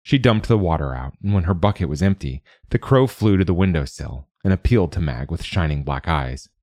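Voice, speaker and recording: A man reading a fairy tale aloud in a calm, even storytelling voice. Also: deep voice, a little fast, no echo, clean studio sound. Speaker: narrator. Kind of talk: scripted storybook narration.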